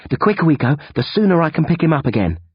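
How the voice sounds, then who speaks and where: A man's voice: on the high side, big pitch swings, fast, husky, no echo, pitched above the performer's own voice, exaggerated voice. A man doing a determined teenage hero. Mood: firm. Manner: urgent, clipped, firm. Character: determined teenage boy hero, urgent and protective. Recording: dull lo-fi recording.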